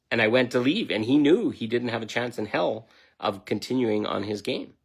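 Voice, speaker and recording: Middle-aged man, self-help talk, gravelly, blunt, emphatic, swears freely. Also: mid-range voice, expressive, normal speed. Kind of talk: motivational self-help monologue.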